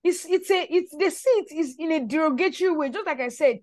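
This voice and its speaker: A high-voiced woman hosts a relaxed conversational podcast, talking in an animated way and circling back over her words as she makes a point. The sound is dry and close, with no room around it. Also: fairly quick, no echo. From Nigeria. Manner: animated, repeats words while building a point. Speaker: podcast host. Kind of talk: casual conversational chat.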